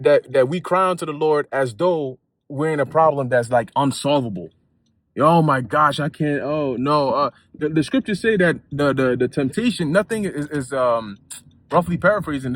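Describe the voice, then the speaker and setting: Man, slightly high voice, loose slangy lay preacher, keeps restarting sentences, recorded in a car while driving. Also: dry recording. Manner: conversational and repetitive, with street slang and many restarts. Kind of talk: casual spoken Bible lesson.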